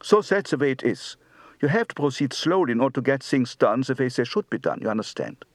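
A man putting on a heavy Dutch accent to play an unhurried Dutch man explaining his city in English, slow and instructive. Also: medium pitch, very animated, no echo. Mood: measured.

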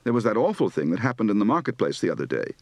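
A man's voice: on the low side, very animated, racing, no echo. A man demonstrating a Welsh accent as a dialect coach. He reads practice lines with a sing-song lilt that falls and rises.

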